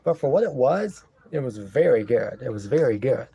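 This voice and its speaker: Rambling congested man with a mellow voice. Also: mid-range voice, expressive, moderate pace, husky. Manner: rambling, repeats his own phrases. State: congested, keeps clearing his throat. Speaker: wrestling show reviewer. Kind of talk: casual review commentary. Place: living room at home, seated on a love seat. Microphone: camera in front of him.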